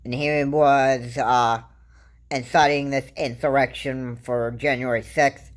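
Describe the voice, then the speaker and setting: A woman giving casual political commentary to camera, rambling and halting, restarting her sentences often. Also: extremely low pitch, fairly even intonation. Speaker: vlogger.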